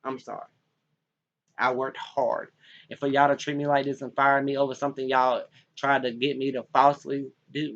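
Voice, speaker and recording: A man's voice: medium pitch, vocal fry, a bit bright. A young man from North Carolina, pleading directly to the camera in a rambling way, often restarting his sentences. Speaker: vlogger. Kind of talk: direct-to-camera personal appeal. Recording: dull lo-fi recording.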